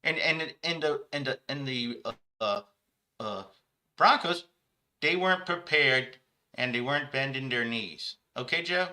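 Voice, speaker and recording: A man doing a stammering, high-voiced sports pundit. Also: animated, unhurried, bright, forceful tone. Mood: eager. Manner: stumbling repetitions, keeps addressing the listener by name. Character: stammering, over-eager male sports pundit.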